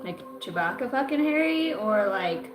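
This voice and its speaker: A woman's voice: mid-range voice, very animated, moderate pace, reverberant, over music, rough recording. A woman giving a zodiac card reading on a livestream, cursing a lot and rambling from joke to joke. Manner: profane, rambling and jokey. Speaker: astrology card reader.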